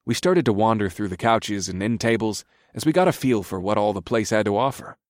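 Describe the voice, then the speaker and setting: A man reading a first-person story in an easy, conversational manner. His voice sits low, recorded close and dry in a studio booth. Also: a little fast, no echo. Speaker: audiobook narrator. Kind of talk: scripted first-person narration.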